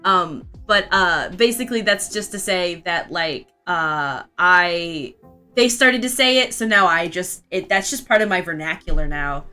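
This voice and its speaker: Bright, giggly young woman streamer. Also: lowish voice, measured pace, clear, resonant tone, soft background music. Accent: vaguely Southern US. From Florida, US. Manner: rambling, giggly, chatty. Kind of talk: casual chat while drawing and reading chat.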